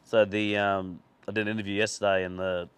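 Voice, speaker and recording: A man with a fairly low voice, hosting a relaxed podcast chat. He spins his stories loosely and swears freely, often laughing along as he talks. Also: fairly quick, clear, resonant tone. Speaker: podcast host. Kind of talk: casual chat, rambling anecdote.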